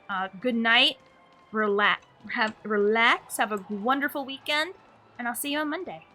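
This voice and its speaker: A woman's voice: mid-range voice, fairly even intonation, normal speed, sharp tone, faint music behind. A woman streamer chatting casually and wryly while playing a game on a live stream. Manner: chatty, wry and offhand.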